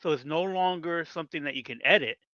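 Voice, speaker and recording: A man's voice: on the high side, fast, lo-fi sound, crowd noise. A man who letters comics, chatting casually and explaining his work at length. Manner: explains at length, acts out editors' requests. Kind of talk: casual podcast chat.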